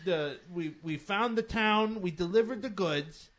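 Player, mid pitch, unhurried and halting, in-character recap. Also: fairly bright tone. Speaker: tabletop game player. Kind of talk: in-character table talk.

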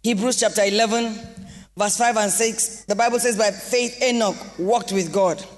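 A Nigerian woman pastor delivering an impassioned sermon with sing-song rises and shouted exclamations in a church hall. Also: medium pitch, fairly even intonation, normal speed. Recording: long reverb of a large hall.

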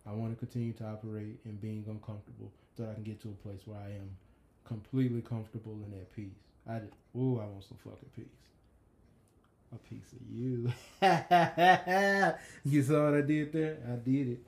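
A man's voice: medium pitch, fairly even intonation, normal speed, echoey room. A man co-hosting a podcast with his wife in casual chat, playful and teasing, with jokes and wordplay. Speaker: podcast co-host, the host's husband.

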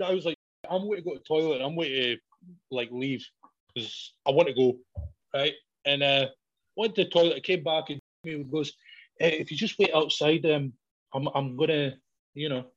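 Man, casual storytelling, lots of swearing, slightly high voice, muffled lo-fi sound. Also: normal speed. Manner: swears a lot, laughs while telling a story. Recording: dull, low-fidelity recording.

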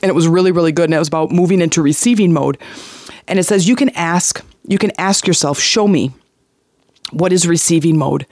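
A man's voice: a little high, quick pace, dry recording, studio quality. A man hosting a motivational podcast as a life coach, speaking earnestly and repeating key phrases for emphasis. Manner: animated storytelling with acted-out voices.

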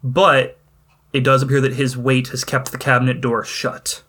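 A man running a tabletop game as game master, narrating scenes in a measured, descriptive way. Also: medium pitch, completely flat delivery, pushed and bright, breathy edge. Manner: measured descriptive storytelling with occasional fillers.

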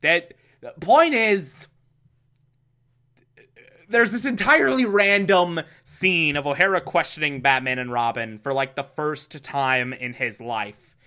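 A man's voice: a little high, sharp tone. A man giving a comic, wry recap of a television episode. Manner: slow, amused and wry.

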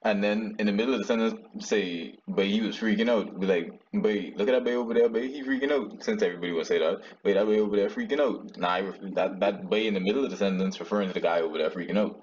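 A man's voice: on the low side, fast, hardly any pauses, a little mellow. A young man co-hosting a podcast, joking around in casual slangy chat with friends. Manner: laid-back slangy banter, laughs often. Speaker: podcast co-host. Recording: dull lo-fi sound with faint noise.

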